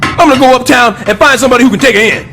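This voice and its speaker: A man voicing a brash, scheming middle-aged building superintendent in a cartoon, loud and sarcastic. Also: very high-pitched, rapid-fire, over music. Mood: blustery. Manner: loud, sarcastic wisecracking, jumps between growls and squeals. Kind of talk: stop-motion cartoon voice acting.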